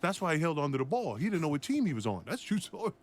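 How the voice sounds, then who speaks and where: Animated man telling a basketball story. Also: a little high, rapid-fire, a loud crowd. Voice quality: animated, acts out voices in the story. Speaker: former NBA player telling a story. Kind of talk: storytelling in a played clip.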